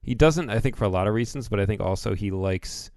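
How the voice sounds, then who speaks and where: A man's voice: fairly low pitch, quick pace, creaky, a little mellow, no echo, clean studio sound. A man co-hosting a podcast in casual chat, explaining in a laid-back way with the odd swear word. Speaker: podcast co-host.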